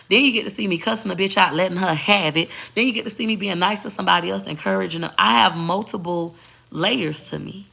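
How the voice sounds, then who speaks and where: A woman's voice: on the low side, vocal fry, sharp tone. A middle-aged woman, a content creator talking straight to camera, blunt, profane and emphatic. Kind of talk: candid talking-to-camera rant.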